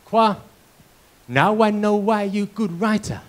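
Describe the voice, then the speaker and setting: Brief: man voicing a high, loud, proud mum with broken English. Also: slow. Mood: proud, excited. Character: older Vietnamese mother, halting English, proud.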